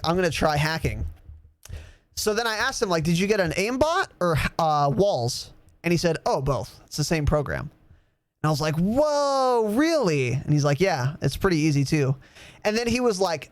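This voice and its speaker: Young man, podcast host, casual storytelling, fairly high voice, dry close sound. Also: dry recording. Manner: animated, swearing, laughing storyteller.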